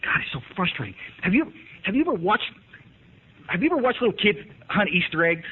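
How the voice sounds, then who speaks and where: On tinny, lo-fi archive tape, a man with a high, breathy-edged, sing-song voice tells his recovery story a little fast. His folksy, emphatic meeting talk often asks the room whether they follow.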